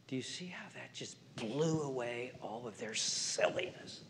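A male pastor preaching a sermon, alternating emphatic raised calls with hushed, whispered passages. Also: medium pitch, lively intonation, a little slow, few pauses.

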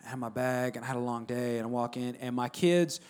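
A man's voice: medium pitch, steady tone, brisk, a little mellow, clean tone. A man preaching a sermon in a conversational, emphatic style, repeating phrases and calling out to the congregation. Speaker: pastor.

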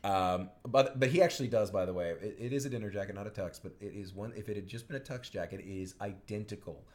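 A man's voice: fairly low pitch, fast talker. A man co-hosting a podcast, chatting casually about a movie with jokes and mock accents. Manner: animated, jokey, slips into mock accents. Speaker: podcast co-host. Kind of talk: casual movie-review chat.

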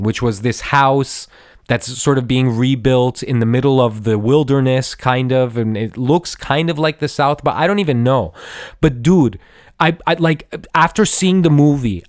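A man's voice: mid-range voice, no echo, clean studio sound. A man in his thirties hosting a podcast, gushing about a film in a profane, stammering rush full of "dude" and restarts. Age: 30s. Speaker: podcast host. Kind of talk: excited film review monologue.

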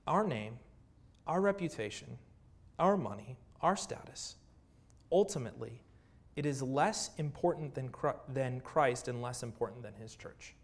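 A man's voice: mid-range voice, expressive, unhurried. A man preaching a sermon as pastor, earnest, with rhetorical questions and repeated phrases.

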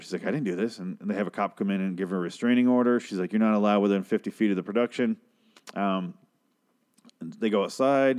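A man's voice: lowish voice, darkish tone. A young man casually recapping a TV episode, rambling and swearing, often mimicking characters. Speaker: recap podcaster.

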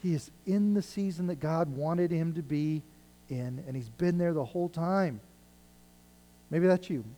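Delivering a sermon at a measured pace, a man with a fairly high, dark-toned voice reads scripture and retells it in plain speech, his intensity rising and falling. The recording is rough.

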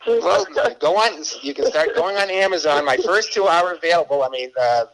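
A man's voice: a little high, animated, moderate pace, fairly bright tone, poor audio. A middle-aged man from Boston, a guest author telling stories in a casual interview, rambling and often stumbling over and repeating his words.

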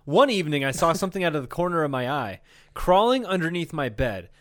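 Man, podcast co-host, lively storytelling voice, slightly high, jokey and laughing. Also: fast. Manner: animated storytelling, reads a letter aloud with quips and laughs. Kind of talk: casual comedy podcast chat.

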